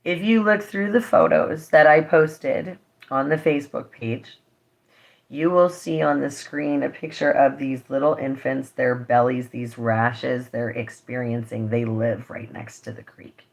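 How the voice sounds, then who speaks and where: A woman's voice: rumbling low, measured pace, creaky. A woman vlogger talking straight to her viewers, earnest and impassioned, emotional and holding back tears. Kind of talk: direct-to-camera vlog update.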